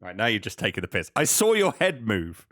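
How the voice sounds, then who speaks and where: A man's voice: on the low side, huge pitch swings, brisk, fairly bright tone. A man co-hosting a podcast over a video call, joking and teasing with frequent laughter. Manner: jokey teasing, laughs often, mock outrage. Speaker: podcast co-host. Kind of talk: casual chat.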